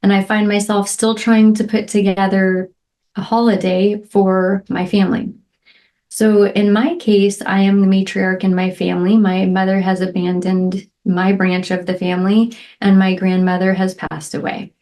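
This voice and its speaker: A woman's voice: medium pitch, little pitch movement, moderate pace, dark tone. Middle-aged woman doing her solo podcast, earnest and heartfelt, lots of "right?" and "um"s. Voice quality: emotional, near tears at moments. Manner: heartfelt, frequent "right?" and "um" fillers. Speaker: podcast host. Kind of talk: reflective solo podcast talk.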